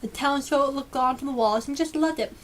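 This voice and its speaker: A woman reading a children's storybook aloud with lively, expressive storytelling. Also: high-pitched, fairly quick, a little hiss or hum. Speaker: storybook reader.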